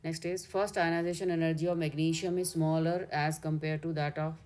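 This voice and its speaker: Indian woman, chemistry tutor, low voice, methodical step-by-step explaining. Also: little pitch movement, fairly quick, darkish tone. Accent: Indian English. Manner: step-by-step explaining, corrects herself mid-way. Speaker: chemistry teacher. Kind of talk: exam solution walkthrough.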